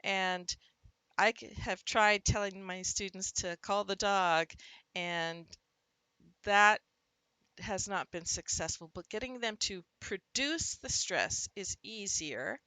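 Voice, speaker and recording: A woman with a bright, clear voice walks teachers through a literacy lesson. She punches out syllables to show stress and calls the example words out loud. The sound is close and dry, with no room echo. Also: mid-range voice, slow. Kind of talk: instructional talk to teachers.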